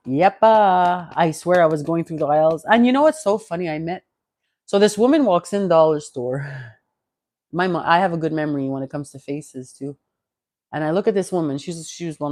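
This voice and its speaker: A fifty-year-old Canadian woman vlogs from home, close to a clip-on mic, chatting and rambling with many restarts. Her voice is lowish with a darkish tone, and there's no echo.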